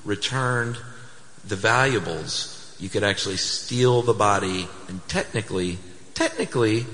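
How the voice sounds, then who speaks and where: A man co-hosting a live podcast on stage, telling a story casually in a chatty, animated way. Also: fairly low pitch, measured pace. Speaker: podcast co-host. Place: theater stage before a live audience. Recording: live hall with long reverb.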